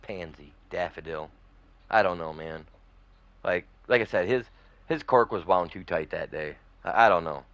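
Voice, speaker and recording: Streaming a farming game, a low-pitched man from northern Michigan rambles from one story to another at normal speed. He fills his casual talk with folksy slang and warm asides to his viewers. His tone is fairly bright, though the recording is muffled.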